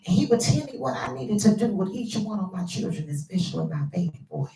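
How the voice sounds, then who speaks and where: A woman host tells a personal family story to her viewers, quoting relatives and dropping to hushed asides. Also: animated, a little fast, gravelly, few pauses, recorded from a distance, slight background noise. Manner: quotes family members with shifts in pitch and hushed asides. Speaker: channel host. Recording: echoey room, voice a bit off-mic.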